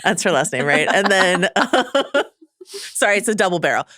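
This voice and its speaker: A woman's voice: mid-range voice, sing-song, pushed and bright, no room sound, clean studio sound. Woman cohost joking around dryly, bouncy intonation, no room sound. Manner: wry, quick asides. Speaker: podcast co-host. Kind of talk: casual pop-culture podcast chat.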